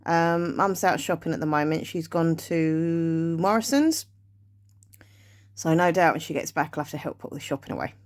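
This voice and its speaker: A woman's voice: low voice, lively intonation, moderate pace. Chatty woman vlogging. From England. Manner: rambling, chatty, thinking aloud to the camera. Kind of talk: casual day-in-the-life vlog chat. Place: at home, then out and about.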